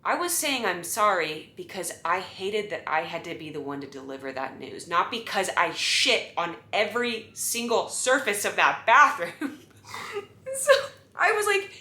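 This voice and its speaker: A woman in her thirties telling a funny story in a casual monologue, animated and exasperated, dropping to hushed asides and rising to loud bursts. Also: measured pace. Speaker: storyteller vlogger. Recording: roomy echo with faint rumble.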